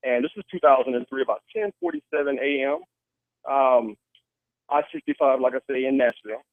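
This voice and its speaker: A man's voice: medium pitch, moderate pace, dry recording. A man on a call-in show telling a personal story in an earnest way, with restarts and acted quotes. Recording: tinny phone line, dry.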